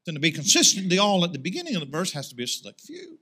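A male pastor preaching a sermon to his congregation in church. He asks rhetorical questions and rises into loud, emphatic swells. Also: high-pitched, huge pitch swings, very fast, breathy edge.

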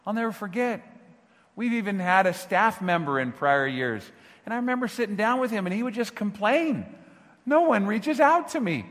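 Brief: male pastor, sermon delivery, slightly higher voice, long church reverb. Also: big pitch swings, brisk. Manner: earnest preaching, rhetorical questions, swings from hushed to shouting.

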